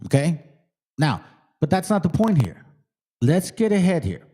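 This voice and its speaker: Man, bible study commentary, streetwise slang, mellow dark tone, somewhat high pitch. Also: big pitch swings, a little slow, slightly rough. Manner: emphatic and streetwise, checking in with the listener. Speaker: host.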